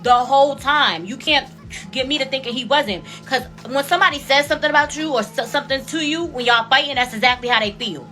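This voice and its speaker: Woman, late twenties, host; casual reaction commentary, bright and high, hammers her points home. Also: fast talker, soft background music. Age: 20s. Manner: emphatic, repeats points for effect.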